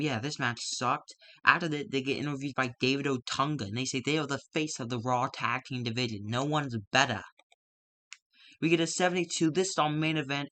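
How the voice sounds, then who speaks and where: A man's voice: medium pitch, a bit bright, no room sound. A man casually recapping the results of his wrestling simulation game, rambling with lots of fillers and the odd swear word. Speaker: wrestling sim game player recapping a show.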